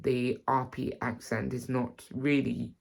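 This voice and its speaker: A woman with a non-RP British accent teaching an accent tutorial, halting and repeating herself, often starting with "so". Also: a bass voice, little pitch movement, vocal fry, a little mellow. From Britain. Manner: halting, repeats words, starts many lines with "so".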